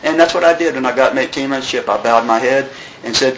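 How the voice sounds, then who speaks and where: A man telling his recovery story, earnest, with many restarts, dropping his voice low on the sad parts. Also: quick pace, reverberant, background noise. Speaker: recovery meeting speaker.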